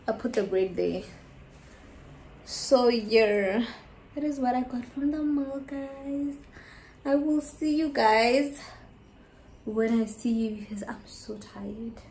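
A woman's voice: medium pitch, a little mellow, distant mic, slight background noise. A young South African woman vlogging casually at home, chatting to her viewers and calling them guys. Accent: South African English. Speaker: lifestyle vlogger. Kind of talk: casual chat to camera. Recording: echoey room, voice off-mic.

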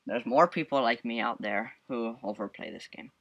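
Excitable male let's-play commentator with a bright, sharp tone; yelps, laughs and hums while he plays. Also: medium pitch, normal speed, dull audio. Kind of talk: casual gameplay commentary.

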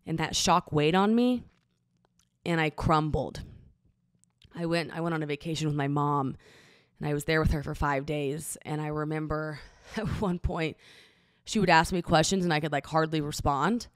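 A young woman from Oklahoma hosting a podcast, telling a personal story in a halting, vulnerable way, full of restarts and fillers, close to tears. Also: low voice, no echo. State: emotional, near tears. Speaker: podcast host. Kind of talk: personal confessional monologue.

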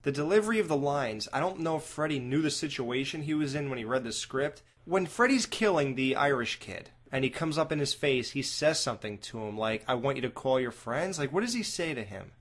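A man co-hosting a movie review podcast, talking casually and getting loud and animated when he imitates lines. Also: medium pitch, brisk, hardly any pauses. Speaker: podcast co-host.

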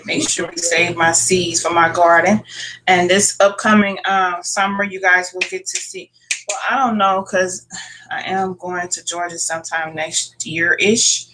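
In her home kitchen, a cooking channel host talks to her audience in a lowish voice over some background noise. Her vlog is casual and loose, full of free swearing and plenty of "y'all."

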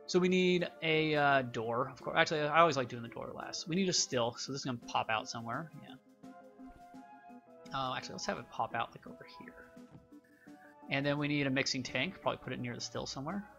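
A man's voice: mid-range voice, a little fast, creaky, pushed and bright, muffled recording, soft background music. A young man hosting a gaming channel, giving casual, rambling game commentary with many fillers.

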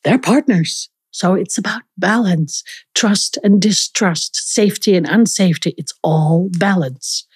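A woman speaking as a guest in a casual conversation, expressive, playful and emphatic. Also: lowish voice, measured pace, slightly rough, no echo. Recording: dry home room.

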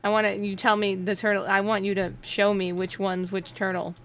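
A woman with a bright, forceful voice in casual gaming role-play. She needles the other player with dry, mock-suspicious questions, keeping a deadpan tone. A faint hum of noise sits behind her. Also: medium pitch, brisk.

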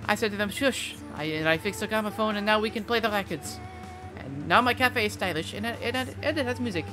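A game streamer doing a put-on French accent to voice a stylish, self-proud cafe owner, telling the story slowly and grandly. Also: medium pitch, animated, natural voice. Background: game music.

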